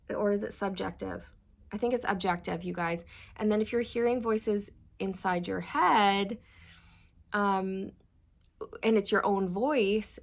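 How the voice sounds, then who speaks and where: Gravelly-voiced woman doing a tarot reading. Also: mid-range voice. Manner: meandering, reassuring, addresses viewers as you guys. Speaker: tarot reader.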